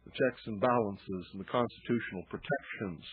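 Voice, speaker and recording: A man's voice: on the low side, moderate pace, breathy edge. A man hosting a talk radio show with an indignant, emphatic ranting monologue. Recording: phone-band lo-fi radio broadcast.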